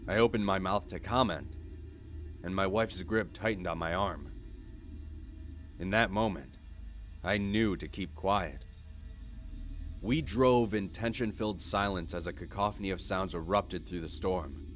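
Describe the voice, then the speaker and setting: A man with a very low, deep voice narrates a horror story in a measured, unhurried way. Soft music plays faintly behind him. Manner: measured, steady storytelling delivery.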